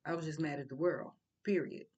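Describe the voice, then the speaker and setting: A woman's voice: sits low, fairly even intonation, brisk, darkish tone, slightly rough, muffled recording. Blunt, preachy older woman commentator. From St. Louis. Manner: preachy and blunt, with rhetorical questions. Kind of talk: casual spoken commentary.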